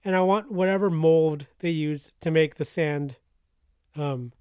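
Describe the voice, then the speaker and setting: Dry-humored woman, lowish voice. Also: measured pace, darkish tone, clean tone, no echo. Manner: dry, wry and swearing. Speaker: podcast co-host. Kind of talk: casual chat about a movie.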